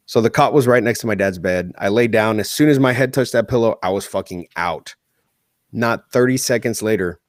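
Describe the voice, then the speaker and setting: A man's voice: lowish voice, no room sound, studio quality. A man co-hosting a podcast, telling a personal story in casual chat with plenty of swearing. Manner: swears a lot in heartfelt storytelling. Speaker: podcast co-host.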